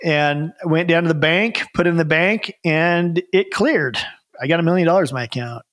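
A man's voice: on the high side, normal speed, a bit bright. Rambling man telling his founder story. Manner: rambling, many fillers and restarts. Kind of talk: casual storytelling interview.

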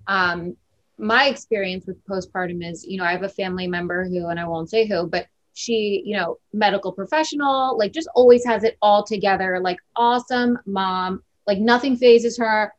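A woman co-hosts a relaxed conversation, telling stories in a loose way full of fillers. Her voice sits at a middle pitch, and the recording sounds slightly dull and lo-fi. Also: normal speed. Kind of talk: casual podcast chat.

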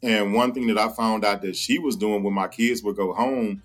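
A man's voice: lowish voice, steady tone, normal speed, soft background music. A man talking as a podcast guest about co-parenting, earnest and storytelling, sometimes acting out what others said. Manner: earnest, storytelling, acts out quoted speech. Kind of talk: casual conversation.

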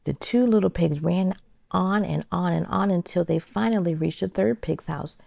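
A woman hosting a children's circle time, gently and expressively reading a storybook aloud to toddlers. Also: fairly low pitch, moderate pace, vocal fry, dry recording.

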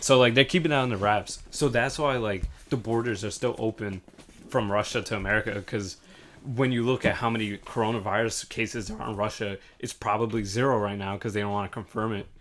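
A young man telling a lively story in casual chat, acting out the people in it and swearing freely. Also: lowish voice, a little fast, a little hiss or hum. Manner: animated, acts out quoted voices, swears freely. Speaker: hotel front desk worker.

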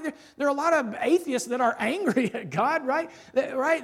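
A man preaching a sermon as pastor, asking the congregation rhetorical questions and tagging them with "right?", moving between loud emphasis and quiet asides. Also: extremely high pitch, normal speed, hardly any pauses, long reverb tail.

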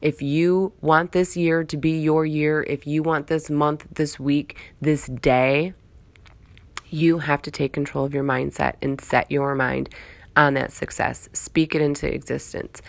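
A woman with a low voice and a gravelly edge, talking straight to her listeners in an earnest, rambling motivational monologue. She circles back on her phrases and repeats them for emphasis. The sound is dry and close, with no room around it. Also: fairly even intonation, a little slow, no room sound. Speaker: motivational speaker.

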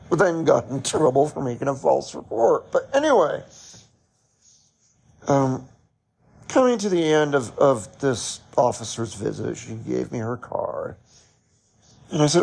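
A man's voice: fairly high pitch, vocal fry, a little mellow, husky. A man hosting a podcast, casually telling a story in a chatty way, laughing often and restarting his sentences. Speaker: podcast host.

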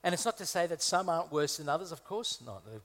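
A man's voice: on the high side, expressive, quick pace, a bit bright. A man from Malta, a guest preacher, delivering a conversational sermon with humorous asides and emphatic repetition. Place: church hall. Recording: reverberant hall.

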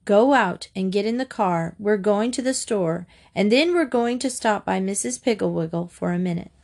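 A woman's voice: mid-range voice, lively intonation, normal speed, vocal fry, darkish tone. A woman voicing a stern mother scolding her son in a storybook reading, speaking in a firm, commanding way.

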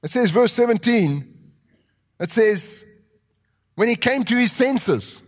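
A man preaching a sermon with animated delivery, acting out quotes and rising to shouts. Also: very high-pitched, slow. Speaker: pastor. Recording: long reverb of a large hall.

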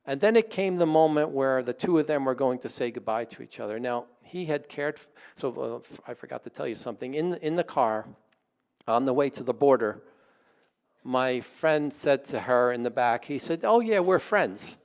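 A pastor telling a story in his sermon, in a conversational and animated way. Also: mid-range voice, normal speed, clear, resonant tone.

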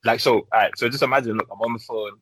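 A man's voice: mid-range voice, fairly even intonation, very fast, a bit bright, slightly rough, dry recording, poor audio. A young man, telling stories in slang in a casual podcast chat. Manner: slangy, storytelling. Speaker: podcast co-host.

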